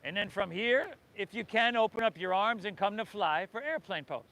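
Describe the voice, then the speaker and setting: High-voiced man leading yoga. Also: animated, moderate pace, pushed and bright. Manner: encouraging, calls out cues to the group. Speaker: yoga instructor. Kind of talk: guiding a yoga class. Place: outdoors by the ocean.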